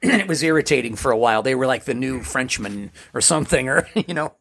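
A man's voice: medium pitch, expressive, gravelly, fairly bright tone. A man co-hosting a podcast, cracking jokes and laughing in casual chat. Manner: wisecracking, quick to laugh. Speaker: podcast co-host.

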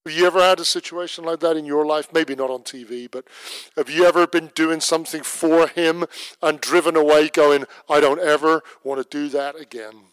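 A man preaching a sermon, telling a story in a lively way and slowing to a soft voice when he prays. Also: fairly high pitch, clear, resonant tone, no room sound. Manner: lively storyteller who drops to a soft, slow voice for prayer.

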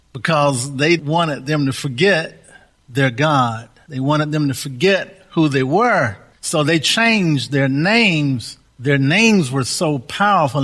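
A man's voice: fairly high pitch, a bit bright. A male pastor preaching a sermon, repeating key phrases for emphasis and leading the congregation in spoken declarations.

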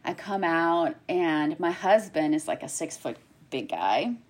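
A woman in her thirties telling a personal story in conversation, animated and acting out what others said in quick bursts. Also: deep voice. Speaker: guest sharing a personal story.

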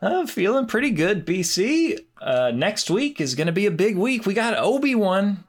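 A man's voice: high-pitched, big pitch swings, moderate pace. A man from the US West Coast hosting a hobby podcast, upbeat and laughing often in casual chat. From West Coast of the United States. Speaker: podcast host.

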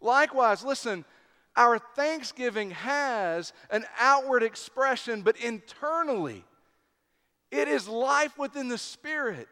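High-voiced man preaching in a hall. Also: expressive, pushed and bright. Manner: deliberate, emphatic preaching with pauses. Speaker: pastor. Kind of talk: sermon. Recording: long hall reverb.

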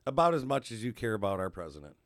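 A man's voice: lowish voice, big pitch swings, quick pace, no echo, studio quality. A man co-hosting a casual chat, joking and chiming in with short replies. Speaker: co-host. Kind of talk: casual banter.

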